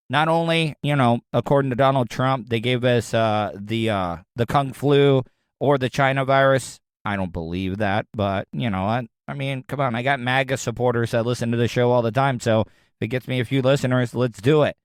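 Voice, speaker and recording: A man's voice: mid-range voice, normal speed, clean tone, no echo, studio quality. Crude, rambling Florida man podcaster. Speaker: podcast host. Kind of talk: casual comedic commentary.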